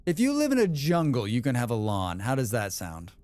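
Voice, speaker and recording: A medium-pitched man with a darkish tone speaks fairly quickly, his pitch swinging hugely, with no room sound audible. He's a gamer on a livestream, reading chat and tossing off opinionated, meandering replies.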